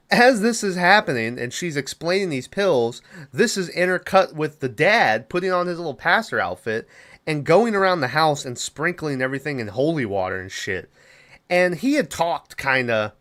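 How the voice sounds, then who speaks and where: A young man hosting a podcast, retelling a horror film's plot in a loose, profane way with quick quoted asides. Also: mid-range voice, fairly bright tone. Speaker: podcast host. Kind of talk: casual movie recap.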